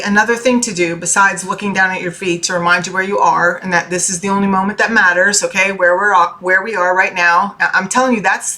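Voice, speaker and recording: This woman, a life coach who also reads tarot, talks to her audience in a bright, pushed, mid-pitched voice. Her motivational chat is sincere and heartfelt, peppered with casual swearing and frequent "okay?" check-ins.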